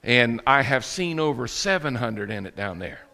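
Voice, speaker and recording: Bright-voiced preacher man in reverberant hall. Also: mid-range voice, big pitch swings, moderate pace, creaky. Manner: storytelling with acted quotes and laughter. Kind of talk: sermon. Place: church sanctuary.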